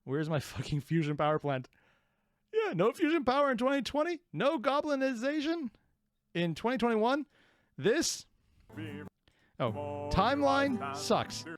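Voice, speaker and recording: A man's voice: very high-pitched, very animated, moderate pace, dry recording, clean studio sound. A man hosting a reaction video, who laughs and rambles in casual commentary and pokes fun at himself. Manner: laughing, rambling, self-deprecating.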